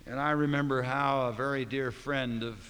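A male pastor delivers a sermon in a church sanctuary, his voice trailing off into a long hall reverb. He drops to a near hush, then slows and rises to forceful, drawn-out emphasis. His pitch sits in an ordinary middle range. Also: steady tone, clear, resonant tone. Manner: dramatic swings between soft and loud, slowing for emphasis.

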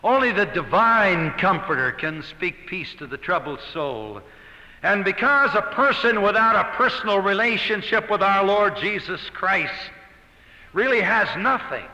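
A man's voice: fairly high pitch, bright, forceful tone, long reverb tail, poor audio. A man preaching an expository sermon, earnest and emphatic, stressing key words as he goes.

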